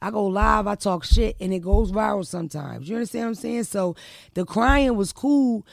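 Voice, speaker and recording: A woman in casual podcast talk, brash and loud-mouthed, punching her points with profanity. Her voice has a gravelly edge. The sound is close and dry. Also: medium pitch, animated, normal speed, dry recording. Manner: brash, profane, emphatic storytelling. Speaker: podcast host. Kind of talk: casual storytelling chat.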